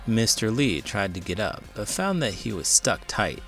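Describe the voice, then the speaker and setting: Expressive man reading a picture book. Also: on the low side, moderate pace, faint music behind. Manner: expressive, dramatic storytelling. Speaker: teacher and children's book reader. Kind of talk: children's read-aloud narration.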